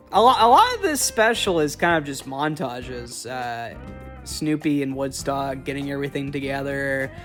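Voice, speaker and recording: A young vlogger reviewing holiday films gives a casual, joking commentary in a mid-range, fairly bright voice. He's chatty and rambling, full of fillers and restarts.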